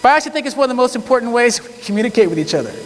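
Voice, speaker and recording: A man's voice: very high voice, very animated, racing. A man telling a courtroom story to an audience in a conversational way, acting out the dialogue. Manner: conversational, quotes people in dialogue. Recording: long hall reverb.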